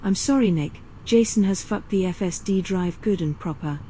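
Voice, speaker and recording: Sarcastic female ship AI, warm and mellow, dry flirty delivery, voiced by a woman. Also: mid-range voice, moderate pace, natural voice, rough recording. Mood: deadpan. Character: sassy female spaceship computer.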